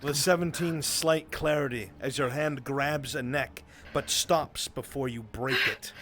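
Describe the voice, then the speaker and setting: Intense hushed game-master narrator, man. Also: medium pitch, steady tone, a little slow, soft background music. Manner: intense, building, often hushed. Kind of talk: dramatic second-person narration of a roleplay.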